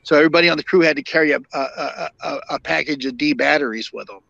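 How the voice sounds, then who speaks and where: An older man, a podcast guest and former fire captain, telling long stories in a halting way with many fillers and restarts. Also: on the high side, creaky, sharp tone, dry recording. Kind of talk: storytelling interview. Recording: dull lo-fi dry sound.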